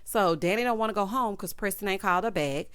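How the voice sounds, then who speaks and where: A woman hosting a casual TV recap, retelling scenes in a sassy, animated way with quoted voices. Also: mid-range voice, fast talker, clean tone, no room sound, studio quality. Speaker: TV recap host.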